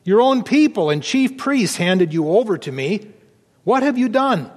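A preacher reading as a stern Roman governor. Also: male voice, high voice, big pitch swings, measured pace, a little mellow, voice pushed up, exaggerated voice. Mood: questioning. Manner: pressing, incredulous questions. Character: stern male Roman governor questioning a prisoner. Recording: long reverb of a church hall.

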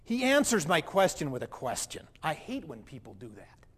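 A man acting out a proud, indignant wealthy young man in a dramatic first-person monologue, with animated, defensive delivery and a long hall reverb. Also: on the high side, moderate pace, husky, full character voice. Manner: animated, defensive, self-righteous.

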